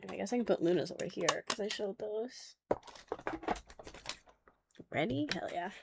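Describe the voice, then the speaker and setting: A woman's voice: mid-range voice, fast talker, creaky, heavy background noise. Blunt, profane woman streamer. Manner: blunt and profane, laughing easily. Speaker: streamer revealing graded trading cards. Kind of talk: casual livestream chat.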